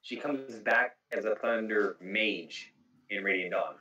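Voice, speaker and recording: A man's voice: lowish voice, unhurried, sharp tone. Man, casual podcast host, detailed explainer, roomy echo. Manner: explanatory, walks through game details at length. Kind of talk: casual podcast chat about video games. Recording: echoey room, distant mic.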